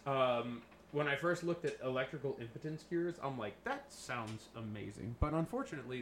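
Male podcast co-host, mid pitch, swearing and jokey, roomy echo on the mic. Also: a bit bright, a little hiss or hum. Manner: joking, swears, laughs often. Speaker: podcast co-host presenting the episode. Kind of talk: casual podcast banter. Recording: echoey room.

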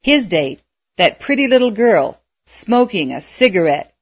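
A woman narrating a story aloud in a measured, expressive way. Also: medium pitch, no echo, highs cut off. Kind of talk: audiobook narration.

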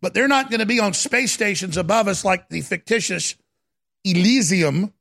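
A man's voice: sits high, normal speed, creaky, fairly bright tone. A man delivering an urgent, ranting monologue, repeating phrases for dramatic effect. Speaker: commentator. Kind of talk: impassioned monologue.

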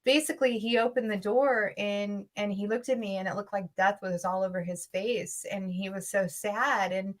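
A woman's voice: medium pitch, steady tone, normal speed, hardly any pauses. Female guest, earnest storyteller, urgent delivery with restarts, medium voice. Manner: emotional, intense storytelling. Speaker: interview guest. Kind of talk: personal story in an interview.

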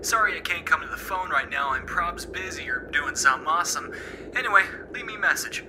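A man's voice: a little high, lively intonation, brisk, noisy background. An actor playing a laid-back, jokey young man heard on his own voicemail greeting. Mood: breezy. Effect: voicemail phone playback.

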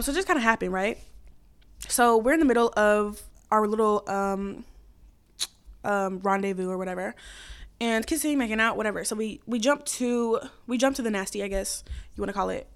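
Giggly chatty young woman storyteller. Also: fairly high pitch. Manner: chatty, giggly, heavy filler words. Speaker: podcast host. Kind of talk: casual storytelling.

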